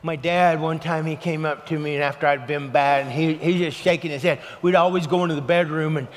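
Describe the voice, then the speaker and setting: A man preaching a sermon, telling a personal story in an earnest, storytelling way that turns hushed and emotional, then leading a prayer. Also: a little high, fairly even intonation, a little fast, long reverb tail.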